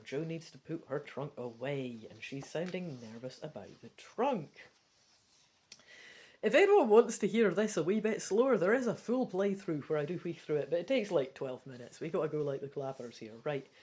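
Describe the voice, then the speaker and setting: A woman with a Scottish accent reading a gamebook aloud, breaking off into chatty, quick asides. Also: fairly low pitch, warm tone. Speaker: gamebook reader. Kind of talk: casual read-through with chatty asides.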